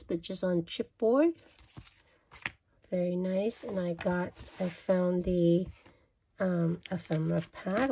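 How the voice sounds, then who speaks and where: Woman craft vlogger, mid-pitched and gravelly, chatty and gushing, faint background hiss. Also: dark tone. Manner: gushing, chatty, self-correcting. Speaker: craft vlogger showing a haul. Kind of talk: casual show-and-tell.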